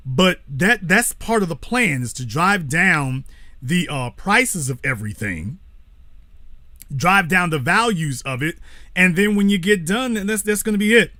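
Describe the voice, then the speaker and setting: A man's voice: high voice, expressive, a little slow, sharp tone, dry recording, clean studio sound. A man hosting a call-in talk show, speaking bluntly with profanity and stopping to correct himself.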